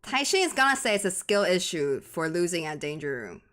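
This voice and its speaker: A woman from Taiwan with a Taiwanese accent, a native Mandarin speaker, doing chatty, excitable live esports commentary in English. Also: fairly low pitch, background noise. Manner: excitable, chatty, quick to laugh and gasp. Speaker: esports caster.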